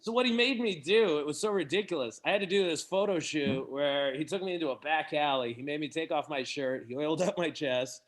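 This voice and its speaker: Animated young Canadian comedian, man. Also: a little high, fairly quick, hardly any pauses. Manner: animated, laughs at his own jokes. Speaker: stand-up comedian. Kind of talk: stand-up set at an online open mic.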